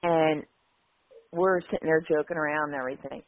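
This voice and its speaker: A woman's voice: deep voice, steady tone, brisk, no room sound. Woman, chatty storyteller, acts out quotes, dry thin phone-line sound. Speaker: guest storyteller. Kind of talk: casual anecdote on a podcast.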